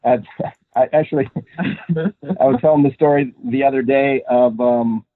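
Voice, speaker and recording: A man's voice: medium pitch, steady tone, unhurried. A young man from Minnesota, an actor, chatting in an interview in a rambling way with lots of fillers and laughs. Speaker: actor, guest. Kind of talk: casual interview chat. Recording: tinny phone-like line, dry.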